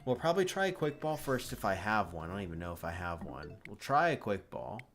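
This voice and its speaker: A man's voice: on the low side, sing-song, fairly quick, a bit bright, faint music behind. A man streaming a game live, muttering frustrated thoughts to himself with frequent sighs. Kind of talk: live gameplay commentary.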